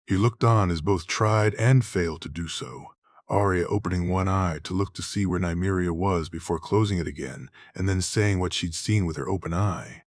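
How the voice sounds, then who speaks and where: A man narrates a fantasy story in a low, husky voice, unhurried and measured. The recording is dry and close, with no room sound. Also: no room sound. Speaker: audiobook narrator. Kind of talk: slow, even reading of fantasy fan fiction.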